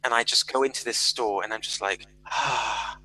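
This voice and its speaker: Animated bright-voiced man telling stories. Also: medium pitch, fast talker, rough recording. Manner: animated storyteller, fillers and repeated words. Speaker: podcast guest. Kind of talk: casual interview chat.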